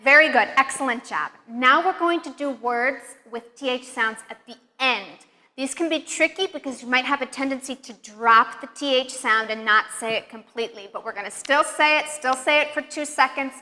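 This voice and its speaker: A woman teaching English pronunciation, speaking words slowly and with exaggerated care, and praising the learner between drills. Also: high-pitched, pushed and bright. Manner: slow, exaggerated drills with clear encouragement. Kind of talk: pronunciation lesson. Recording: long hall reverb.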